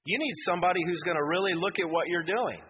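A pastor with a high-pitched, husky voice preaches fast, telling stories and building up to emphatic exhortation. The recording is muffled by hall reverb, with faint noise.

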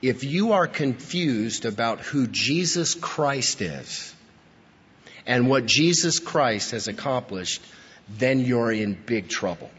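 A man preaching a sermon in a church, his husky voice carrying a long hall reverb. He is emphatic, pushing up to stress points and sinking low after them. The recording sounds dull and lo-fi. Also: lively intonation, takes it slowly, fairly bright tone. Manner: emphatic, rising to stress key points then dropping low. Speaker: pastor.

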